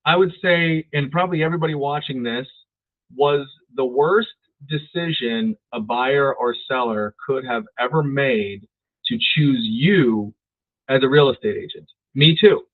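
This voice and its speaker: A man's voice: medium pitch, unhurried. A man giving a casual real estate sales training, often repeating words and checking in with "right?". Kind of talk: training talk. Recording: dry, phone-like lo-fi audio.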